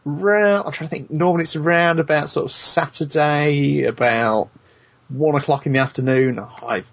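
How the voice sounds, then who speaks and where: A man's voice: a little high, steady tone, moderate pace, gravelly. A man hosting a podcast in casual chat, dry and wry, hesitating with plenty of ums and uhs. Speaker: podcast host.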